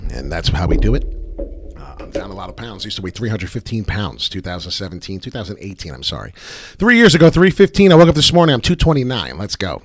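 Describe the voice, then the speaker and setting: A man hosting a live crypto trading stream, brash and profane, talking fast with lots of filler ums. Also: on the low side, no echo, clean studio sound. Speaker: crypto trading livestream host. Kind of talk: live market commentary.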